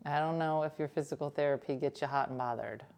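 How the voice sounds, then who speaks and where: A woman's voice: sits low, fast talker, vocal fry, a little mellow. Joking, chatty woman host. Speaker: talk show host. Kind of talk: casual chat.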